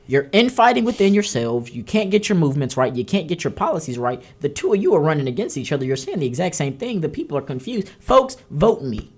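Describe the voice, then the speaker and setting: A woman's voice: deep voice, sing-song, a little fast, darkish tone, husky. A woman hosting a political talk show, delivering heated commentary and scolding emphatically. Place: studio.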